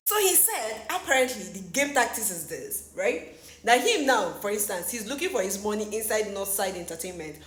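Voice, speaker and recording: A woman with a Nigerian accent giving casual gossip commentary as an entertainment news vlogger, animated and exclamatory, laughing often and slipping into pidgin. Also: on the high side. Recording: echoey room.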